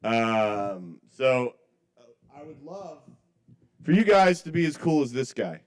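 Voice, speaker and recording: A man's voice: mid-range voice, lively intonation, takes it slowly, long pauses. Rambling self-deprecating man doing stand-up. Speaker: open mic comedian. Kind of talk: stand-up comedy set. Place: small cafe open mic.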